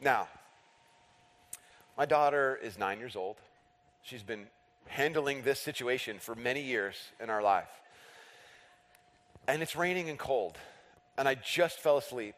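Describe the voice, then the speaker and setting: A man's voice: medium pitch, expressive, measured pace, long pauses, fairly bright tone. A man in his thirties preaching a sermon, telling humorous, self-deprecating personal stories. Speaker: pastor. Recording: long reverb of a large hall.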